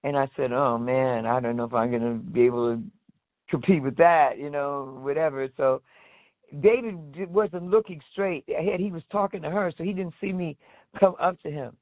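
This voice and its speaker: A woman tells her story in a lively, chatty way, slipping into the voices of the people she quotes. The sound is thin and phone-like. It is also dry, with no room around her. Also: deep voice, moderate pace, no echo. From United States. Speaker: guest, singer. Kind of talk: casual storytelling interview. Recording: tinny phone-like line, dry.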